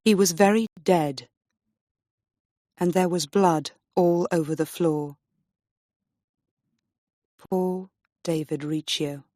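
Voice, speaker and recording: A woman teaching English, reading a graded story aloud slowly and clearly for learners. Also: lowish voice, mellow, no echo, studio quality. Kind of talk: slow graded-reader story narration.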